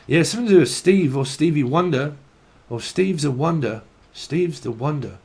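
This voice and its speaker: A man's voice: a little high, lively intonation, moderate pace, a little mellow, slightly rough. A man giving a casual channelled tarot reading, rambling and free-associating, laughing often and swearing casually. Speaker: tarot reader.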